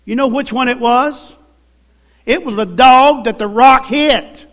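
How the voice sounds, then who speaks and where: A man from the American South preaches a sermon in church, spinning folksy stories and calling out for amens in a call-and-response style. His voice is very high-pitched and fairly bright, and he speaks a little slowly.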